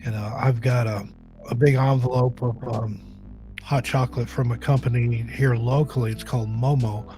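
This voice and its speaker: A man's voice: mid-range voice, steady tone, normal speed, mellow, soft background music. A man hosting a casual live-stream chat show, joking and rambling with a slightly scratchy throat. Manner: easygoing, joking, rambling with restarts. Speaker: podcast host.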